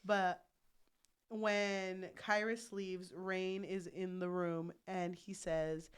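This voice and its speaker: A woman co-hosting a podcast, chatting casually about a novel, animated, swearing freely and laughing often. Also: on the low side, extremely slow, smooth. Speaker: podcast co-host. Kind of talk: casual book chat.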